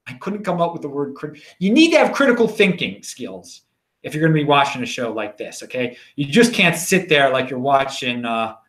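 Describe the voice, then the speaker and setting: A man's voice: medium pitch, big pitch swings, moderate pace, fairly bright tone. A middle-aged man hosting his own daily show, talking straight to camera in an emphatic, preachy way, repeating key phrases and restarting sentences as he rambles. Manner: rambling, with frequent restarts and fillers. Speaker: host of a daily cryptocurrency show. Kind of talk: casual solo video monologue.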